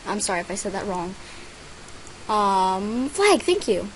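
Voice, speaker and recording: A woman's voice: medium pitch, expressive, slow pace, long pauses, a little hiss or hum, poor audio. A teenage girl chatting casually as she records her gameplay, reading out other players' names and messages and squealing over gifts. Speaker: gaming vlogger.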